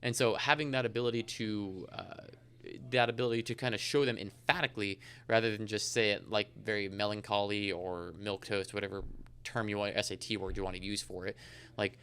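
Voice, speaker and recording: A man's voice: lowish voice, fairly even intonation, fairly quick, a bit bright, clear, resonant tone. A man talking as a guest in a casual podcast interview, rambling along with many fillers. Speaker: insurance agent guest.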